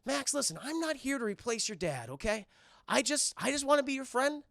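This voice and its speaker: A man voicing a smooth, ingratiating middle-aged male vampire. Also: extremely high pitch, very animated, brisk, a bit bright, no echo, studio quality, voice pushed up, exaggerated voice. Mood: smarmy.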